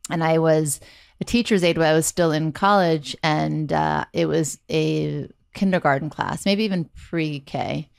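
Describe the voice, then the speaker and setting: Low gravelly woman host. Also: unhurried. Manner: storytelling, relaxed questions. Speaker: podcast host. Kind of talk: conversational interview.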